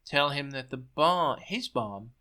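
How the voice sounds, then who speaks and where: A man's voice: mid-range voice, lively intonation, slow pace, bright, forceful tone, clean tone. A man voicing a hot-tempered, scheming male propaganda chief in a story he reads aloud, who screeches in rage and hisses orders. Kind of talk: reading his own story aloud.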